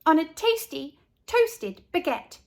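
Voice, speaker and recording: A woman's voice: extremely high pitch, sing-song, slow, creaky, a little mellow, voice pushed up, heavily acted. Woman doing a chirpy proud little girl. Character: cheerful quirky young girl.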